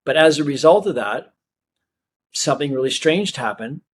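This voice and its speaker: A man's voice: on the high side, expressive, normal speed, slight background noise. A man, a magician, telling a long personal story in a casual interview and acting out the people he quotes. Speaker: magician and guest.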